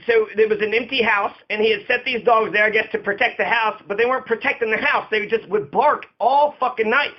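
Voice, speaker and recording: A man in a casual, profane rant, emphatic and repeating himself for stress. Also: high voice. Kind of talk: casual ranting monologue. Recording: dull lo-fi recording.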